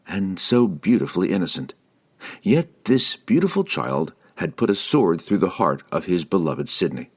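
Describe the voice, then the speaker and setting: A man reading a fantasy novel aloud as an audiobook, measured and expressive. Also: low voice. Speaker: audiobook reader. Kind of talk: scripted fantasy novel narration.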